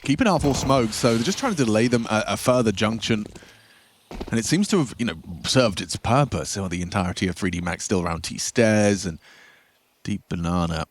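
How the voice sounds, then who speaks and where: Animated male esports co-caster. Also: lowish voice, a little fast. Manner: animated, hype outbursts. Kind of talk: color commentary. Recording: noisy broadcast feed.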